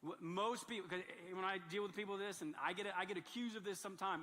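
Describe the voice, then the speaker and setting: A male pastor with a high, bright voice delivers a sermon in a big church, his words ringing out with a long hall reverb. He talks in an animated way, dropping to soft asides and then rising into loud, emphatic bursts. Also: fast.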